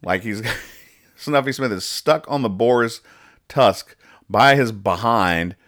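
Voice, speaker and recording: A man's voice: fairly low pitch, slow pace, fairly bright tone. A young adult man hosting a casual podcast where he reads comic strips aloud, rambling and stumbling over his words as he explains each joke. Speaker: podcast host.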